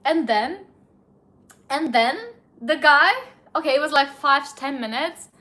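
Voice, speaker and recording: A young woman with a high, bright speaking voice recounts a personal story straight to camera. She talks in a chatty, indignant rush, with vowels and a steady stream of "like" between her words. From India. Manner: chatty, indignant, heavy use of filler "like". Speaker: vlogger. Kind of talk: casual storytime monologue.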